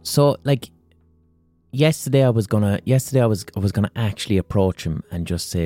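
Low, mellow Irish man telling stories. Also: animated, a little fast, dry recording, soft background music. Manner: rambling, profane storytelling. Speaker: podcast host. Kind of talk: comic monologue.

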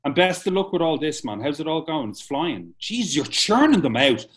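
A man with a somewhat high voice that swings widely in pitch. He chats with a guest and exclaims in an excitable way. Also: moderate pace. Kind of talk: casual interview chat.

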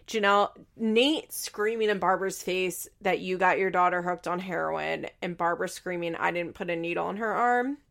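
A woman's voice: mid-range voice, a bit bright. A young woman hosting a podcast, casually recapping a reality show in a gossipy, swearing, chatty way. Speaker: podcast host.

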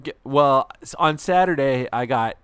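A man co-hosting a podcast, chatting casually with quick jokes and interjections. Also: mid-range voice, fairly bright tone, clean tone, no echo. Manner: joking, quick to chime in. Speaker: podcast co-host. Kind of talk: casual chat.

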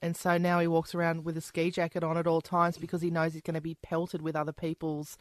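A woman's voice: sits low, monotone, fast talker, dry recording. A woman hosting an interview, engaged and asking follow-up questions. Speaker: interviewer host. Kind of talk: radio-style interview.

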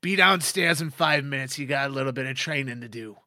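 A man's voice: medium pitch, a little fast, sharp tone, dry recording, clean studio sound. A man voicing a pudgy, dwarfish male fight boss who talks down to his fighter. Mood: bossy. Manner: bossy, threatening, condescending.

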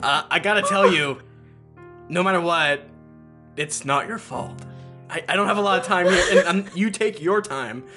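A man's voice: high-pitched, moderate pace, over music, close to an everyday voice. A man playing the ghost of a brash young king in a tabletop game, talking earnestly through bursts of laughter. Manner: laughing, breaking into giggles mid-line. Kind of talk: tabletop game role-play.

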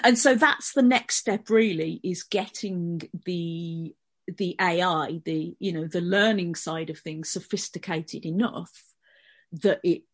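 Low-voiced Birmingham woman chatting. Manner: conversational, explaining at length. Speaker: panel guest columnist. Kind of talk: casual podcast discussion.

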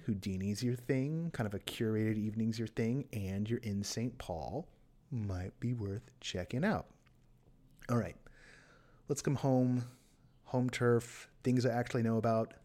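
A man's voice: medium pitch, unhurried, warm tone. A man hosting a podcast in a casual chat, running through event listings with playful, self-mocking asides. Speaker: podcast host.

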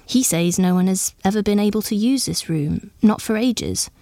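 A woman's voice: mid-range voice, warm tone, no room sound, studio quality, natural voice. A woman doing a hesitant young lady of the house. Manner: hesitant, halting, stammers.

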